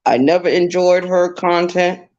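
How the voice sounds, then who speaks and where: Slow, blunt woman on a lo-fi call. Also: on the low side, darkish tone. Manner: blunt, repeats points for emphasis. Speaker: guest caller. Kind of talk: casual drama commentary. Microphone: online call through a browser. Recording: dull lo-fi call audio.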